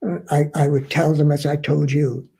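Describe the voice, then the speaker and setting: A man's voice: fairly high pitch, monotone, moderate pace, creaky, dark tone, husky. A man explaining shipping costs as a trainer, earnest and emphatic, repeating key points to drive them home. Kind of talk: instructional explanation.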